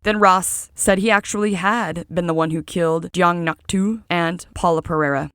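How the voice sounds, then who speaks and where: Low-voiced woman narrating true crime. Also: fairly even intonation, normal speed, fairly bright tone, no echo, clean studio sound. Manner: reads a script with casual personal asides. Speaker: true crime podcast host.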